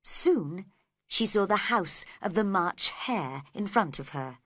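A woman reading a storybook aloud slowly and clearly for learners. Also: mid-range voice, no room sound, studio quality. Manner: slow, clear, lively reading. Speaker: reader. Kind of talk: storybook read-along narration.

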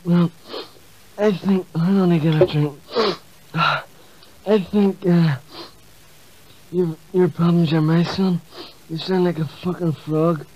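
Man doing a slurring, rowdy snooker player, highish, muffled recording. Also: steady tone, slow pace, a little hiss or hum. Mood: crude. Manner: rambling, crude, slurred. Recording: muffled comedy CD.

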